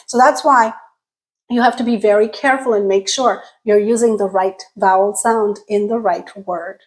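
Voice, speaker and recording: A woman teaching English pronunciation as the host of her channel, talking straight to viewers in a clear, deliberate way. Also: fairly high pitch, poor audio. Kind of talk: scripted lesson to camera.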